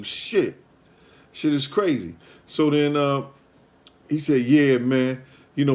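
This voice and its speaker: A man, casually telling a personal story as a show host and acting out the quoted dialogue. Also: a little high. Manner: loose street storytelling, acts out quoted dialogue.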